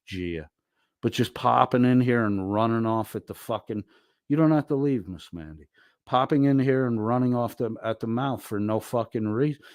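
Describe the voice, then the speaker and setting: A man's voice: mid-range voice, darkish tone, no room sound, clean studio sound. A man ranting angrily and profanely while arguing with someone on a livestream. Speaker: streamer. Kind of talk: heated livestream argument.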